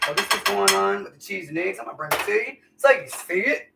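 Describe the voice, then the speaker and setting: A woman's voice: medium pitch, expressive, quick pace, creaky, far from the mic, heavy background noise. A woman chatting folksily to viewers during a live cooking stream in her home kitchen. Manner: folksy, chatty, calls viewers y'all and honey. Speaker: home cook livestreamer. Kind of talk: casual live cooking chat.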